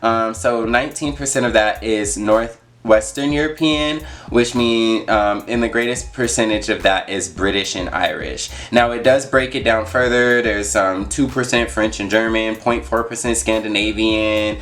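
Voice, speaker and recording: A man's voice: lowish voice, normal speed, few pauses, a bit bright. A young man talking casually on his vlog, chatty and full of fillers and asides. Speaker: YouTuber.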